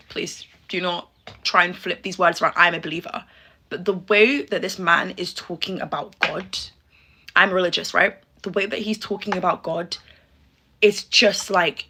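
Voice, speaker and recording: A young woman riffing through a reaction video, with a bright, forceful voice. She is sassy and quick to exclaim, and talks to her viewers like friends. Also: fairly low pitch, slight background noise. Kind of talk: casual reaction commentary.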